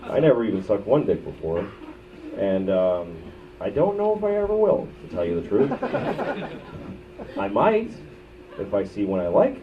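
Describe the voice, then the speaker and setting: A man in his thirties doing live stand-up, profane and ranting, swinging from loud outbursts to low muttered asides. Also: very animated, moderate pace, pauses often. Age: 30s. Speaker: stand-up comedian. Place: comedy club stage. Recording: muffled bootleg recording from a distance with loud crowd noise. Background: audience laughter.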